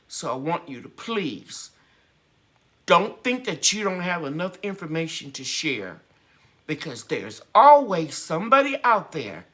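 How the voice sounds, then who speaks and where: Woman, gardening host on live chat, unhurried, heartfelt and encouraging. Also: sits low, bright, forceful tone.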